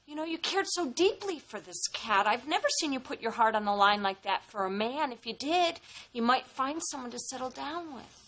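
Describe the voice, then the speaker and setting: A woman's voice: high-pitched, expressive, normal speed, fairly bright tone, slight background noise. A woman playing a sitcom wife, talking in an exasperated, scheming way. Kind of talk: sitcom acting.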